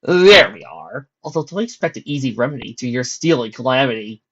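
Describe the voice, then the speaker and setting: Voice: medium pitch, sing-song, a little fast, a bit bright, husky, full character voice. A reader voicing a chaotic, jovial male creature, playful and theatrical in a fan story reading, on a dull lo-fi recording. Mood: teasing. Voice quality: theatrical, grandiose.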